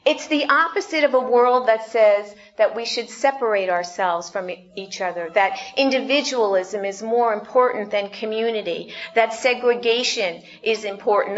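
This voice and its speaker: A woman's voice: a little high, lo-fi sound. A woman pastor preaching a conversational sermon, putting questions to the congregation.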